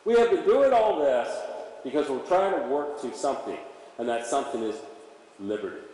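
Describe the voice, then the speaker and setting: Animated man in an echoey arena. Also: mid-range voice, a little hiss or hum. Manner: energetic, animated, coaxing. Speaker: horse trainer. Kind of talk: instructional demonstration. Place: riding arena at a stable. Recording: echoey hall from far off.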